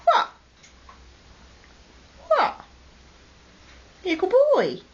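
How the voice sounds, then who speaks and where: Slow, very animated and a bit bright, her high voice carries baby talk to the parrots, coaxing them and scolding them with affection. The clip is a lo-fi 2008 home video with faint noise, recorded at home among the parrot cages.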